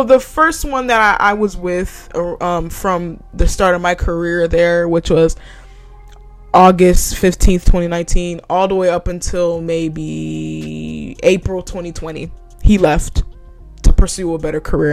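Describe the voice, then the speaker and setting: Profane young woman telling a heated story. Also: fairly low pitch. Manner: profane, heated and blunt, with laughs. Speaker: podcast host. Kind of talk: casual storytelling rant.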